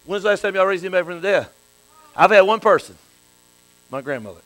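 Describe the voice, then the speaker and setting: A man preaching a sermon as a bishop, dropping to hushed storytelling and rising to shouted praise. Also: high-pitched, lively intonation, quick pace, rough recording.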